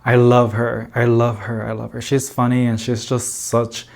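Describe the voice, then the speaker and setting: A man's voice: mid-range voice, completely flat delivery, moderate pace, creaky, a little mellow. A man chatting casually to camera as a plant vlogger in an indoor plant room, rambling with lots of fillers and little laughs.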